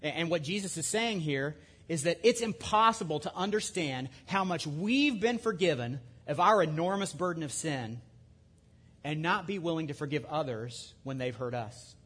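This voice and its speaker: A man preaching a sermon in a conversational way, with lively asides and restarts. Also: a little high, normal speed, slightly rough. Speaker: pastor.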